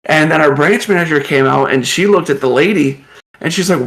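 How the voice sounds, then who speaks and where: A man's voice: on the high side, brisk. A man co-hosting a podcast, telling rambling stories in casual chat and laughing often as he talks. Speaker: podcast co-host.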